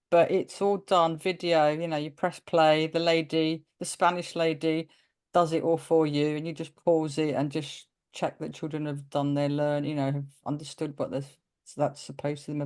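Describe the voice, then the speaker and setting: A woman chats casually in an interview, her voice sitting fairly low. She tells stories with energy, slipping into the voices of the people she quotes, and laughs often. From of Greek descent. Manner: animated storyteller, acts out quoted dialogue, laughs often. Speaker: guest teacher.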